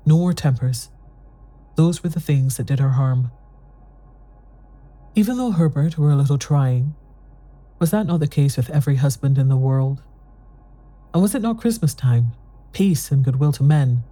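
A narrator reading a classic ghost story in a measured storytelling manner. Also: mid-range voice, expressive, dark tone, soft background music.

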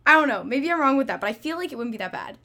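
A woman's voice: sits high, animated, racing, sharp tone. A woman hosting a casual chat, chatty as she introduces each impression. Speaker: host.

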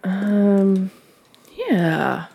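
A woman's voice: mid-range voice, very slow, vocal fry, dark tone, slightly rough. A woman player in a tabletop game, talking hesitantly with many ums. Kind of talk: playing a character in a tabletop game.

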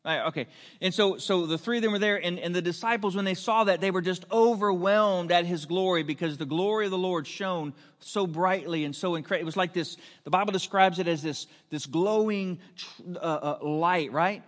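A male pastor preaching a sermon, emphatic, with rhetorical questions and drawn-out punch lines, in a church hall. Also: high voice.

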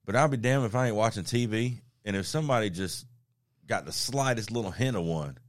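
A man's voice: lowish voice, lively intonation, fairly quick, no echo, studio quality. A man with a Southern Georgia accent, hosting a casual podcast chat with jokes and cussing. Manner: drawling, joking, profane. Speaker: podcast host.

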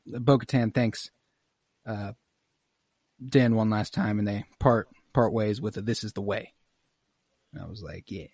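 A man's voice: on the low side, no echo, clean studio sound. Laughing young guy recapping a show. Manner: animated storytelling, laughs often, swears. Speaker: podcast host recapping an episode. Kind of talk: casual chat.

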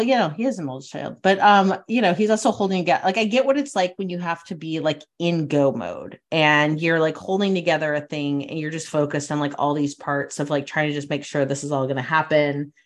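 Low-voiced chatty woman podcast co-host. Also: a little fast, few pauses. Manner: chatty, frequent filler "like", thoughtful. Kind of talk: casual chat.

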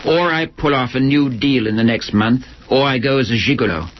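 A man's voice: medium pitch, a little fast, close to an everyday voice. A man reading aloud, voicing a smug young foreign ladies' man who speaks broken English in a lazy, self-satisfied drawl. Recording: lo-fi recording with faint hiss.

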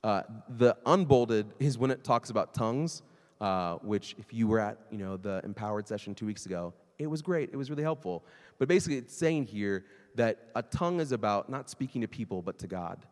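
A man's voice: lowish voice, a little fast. Man preaching casually in a reverberant hall. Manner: conversational, animated preaching with quoted voices. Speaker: pastor. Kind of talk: sermon.

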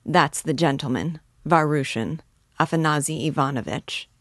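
A timid male office messenger, fussy and overly polite, as a woman reads him. He speaks in a low voice with a dry, close sound. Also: moderate pace, fairly bright tone, dry recording. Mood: deferential.

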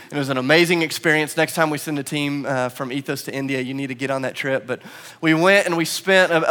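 A man's voice: a little high, pushed and bright, clear, resonant tone. A man in his thirties, a pastor, preaching a sermon through a self-deprecating, storytelling manner. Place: church hall.

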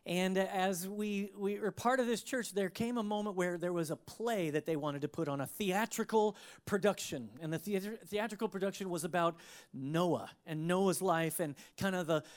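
A preacher giving a sermon, telling a personal story in an expressive way, laughing along and often restarting sentences. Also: mid-range voice.

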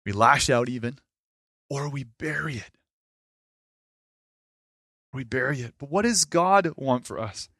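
A man preaching a sermon as pastor, moving between loud emphatic lines and quiet, low asides. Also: lively intonation, a little slow, long pauses, dry recording, clean studio sound.

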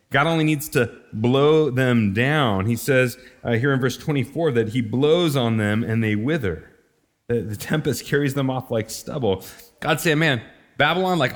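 A middle-aged man preaching a sermon in a loose, conversational way, slipping into slang and chuckling at his own asides. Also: mid-range voice. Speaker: pastor.

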